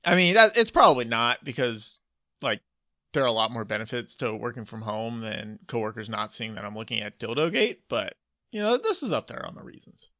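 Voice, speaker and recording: A man's voice: mid-range voice, sing-song, fairly quick, pushed and bright, no echo, lo-fi sound. A man co-hosting a podcast, working through his notes in casual chat with dry asides, recorded at home. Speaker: podcast co-host. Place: home office.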